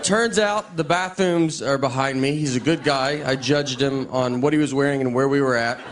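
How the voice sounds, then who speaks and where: Deadpan Southern man doing stand-up. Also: medium pitch, moderate pace, some chatter behind. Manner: dry, deadpan storytelling. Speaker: stand-up comedian. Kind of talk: stand-up set and talk show chat.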